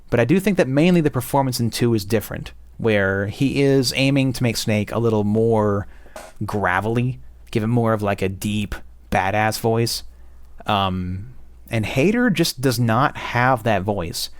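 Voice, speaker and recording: A man's voice: on the low side, a little slow, no room sound. Blunt rambling male game reviewer. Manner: blunt, profane, many fillers. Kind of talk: casual opinionated monologue.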